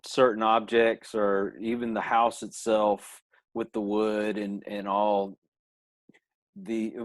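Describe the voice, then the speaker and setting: Male podcast host, lower voice, unhurried questions, dry recording. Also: little pitch movement, no echo. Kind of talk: casual interview talk.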